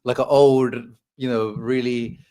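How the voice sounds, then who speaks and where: A man hosting a casual football chat, relaxed and agreeable, mostly giving short replies. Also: mid-range voice, measured pace, clear, resonant tone. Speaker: host.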